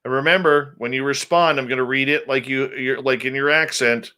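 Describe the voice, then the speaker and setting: A man's voice: medium pitch, fairly even intonation, brisk, bright, forceful tone, smooth. A man hosting a radio show, chatting casually with his live viewers, greeting them by name and muttering asides to himself.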